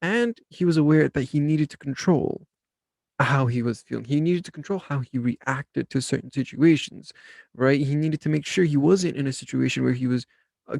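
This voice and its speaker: A young man hosting a podcast, telling a work story and explaining self-help ideas in a relaxed, rambling way with many fillers. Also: mid-range voice, vocal fry, dry recording. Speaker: podcast host.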